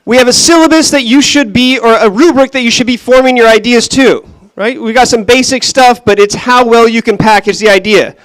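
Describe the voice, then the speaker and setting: Guy emceeing a crowd event, really high voice, dry close sound, jokey crowd work. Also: fairly quick, fairly bright tone, no room sound, rough recording. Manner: upbeat, joking crowd work. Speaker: event host and center director. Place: event room with an audience.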